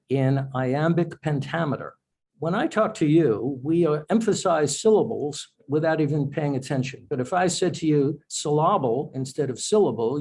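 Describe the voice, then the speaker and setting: A man's voice: fairly high pitch, a little hiss or hum, rough recording. A man, an author, speaking as a guest in a podcast interview, explaining in a thoughtful, self-correcting way.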